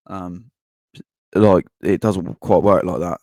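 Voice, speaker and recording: A man hosting a football podcast, telling a story in a blunt, casual way, swearing and pausing with ums. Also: deep voice, fairly even intonation, darkish tone, dry recording, clean studio sound. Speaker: podcast host. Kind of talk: casual match-reaction monologue.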